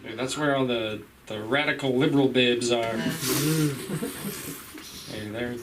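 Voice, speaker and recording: A man's voice: mid-range voice, fairly even intonation, unhurried. A man doing stand-up in a laid-back bro way of talking. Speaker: stand-up comedian. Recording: distant mic, clear background noise.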